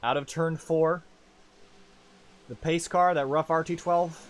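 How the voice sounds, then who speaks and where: Excitable male sim racing commentator. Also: takes it slowly. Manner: chatty and self-deprecating, swings up in pitch on race calls. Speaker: lead race commentator.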